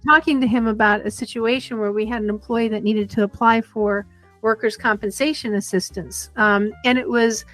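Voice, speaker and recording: A woman in her fifties, a podcast guest telling stories in an animated, conversational way. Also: fairly high pitch, normal speed, dry recording, soft background music. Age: 50s. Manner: animated storyteller who acts out the voices in her anecdotes. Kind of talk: conversational storytelling interview.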